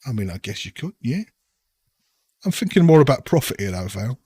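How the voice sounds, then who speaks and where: A man's voice: mid-range voice, very animated, brisk, darkish tone, slightly rough, no echo. A man voicing a jovial, scheming local big shot. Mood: bargaining. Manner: boisterous, then leaning in to bargain.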